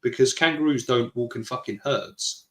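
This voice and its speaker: Man, British accent, podcast co-host, teasing, argumentative, laughs a lot, mid-pitched, echoey room. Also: normal speed, a bit bright. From Britain. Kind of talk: casual chat reading live chat.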